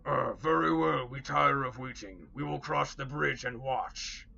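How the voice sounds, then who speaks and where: A man's voice: medium pitch, measured pace, vocal fry, pushed and bright, slightly rough, pitched above the performer's own voice, heavily acted. A man voicing a hungry, impatient male orc leader who speaks stiffly and formally. The recording is dull and lo-fi.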